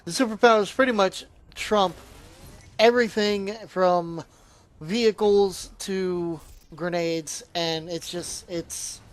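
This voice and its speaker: A man's voice: high-pitched, slow. A man giving a casual, rambling spoken review of a video game, often trailing off and restarting his sentences.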